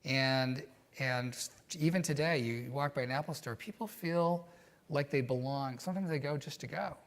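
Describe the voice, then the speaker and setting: A man being interviewed, telling stories in a reflective, animated way with many fillers. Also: medium pitch, moderate pace. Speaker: guest. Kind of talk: conversational interview storytelling.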